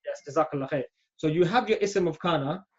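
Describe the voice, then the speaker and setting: A man's voice: a little high, fast talker. A man teaching an Arabic grammar class, patient and often checking understanding. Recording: dull lo-fi audio.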